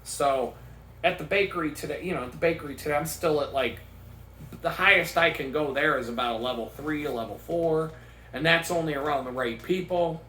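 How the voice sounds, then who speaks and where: Gen X man, forties, bright and forceful, slightly high voice, loose profane storyteller, echoey room. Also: a little fast, slight background noise. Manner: profane, rambling storytelling with bursts of laughter. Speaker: vlogger. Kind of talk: casual rant.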